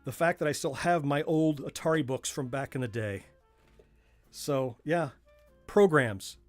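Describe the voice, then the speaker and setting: Faint music can be heard behind a middle-aged, Southern-accented man who hosts a casual livestream from home. He talks a little slowly in a voice on the high side, and his conversation wanders onto tangents.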